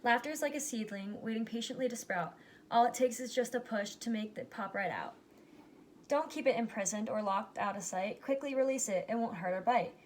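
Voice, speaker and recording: A woman reading a rhyming picture book aloud, giving its characters lively but plain voices. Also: a little high, fairly quick, slight background noise. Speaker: reader.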